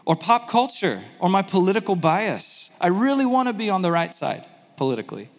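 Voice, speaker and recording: A man teaching a sermon in a conversational, animated way, with self-deprecating asides. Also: sits high, brisk, in a large hall. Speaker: pastor.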